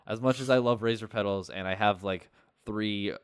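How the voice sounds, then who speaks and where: A man with a somewhat low voice talks through card games in a loose, rambling way, full of ums and restarts and quick laughs. The sound is dry and close, with no room around it. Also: steady tone, clean tone, no echo. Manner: rambling, many fillers and restarts, laughs often. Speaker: podcast co-host. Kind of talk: casual gaming chat.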